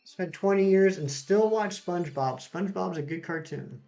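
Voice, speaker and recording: A man's voice: sits high, moderate pace, vocal fry, dark tone, soft background music. A man running a casual live stream, reading out jokes from chat and greeting viewers by name as he plays.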